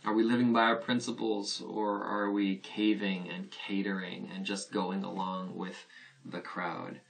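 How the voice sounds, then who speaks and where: A man's voice: sits low, flat delivery, unhurried, creaky, far from the mic, low-quality recording. A man preaching a sermon as a pastor, earnest and conversational, posing rhetorical questions to his listeners.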